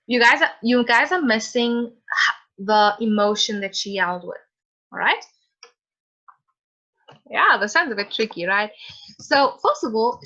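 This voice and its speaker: Lady teacher on a video call, bright and a bit high, muffled lo-fi audio. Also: expressive, moderate pace. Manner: encouraging, calls on students by name. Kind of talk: online class lesson.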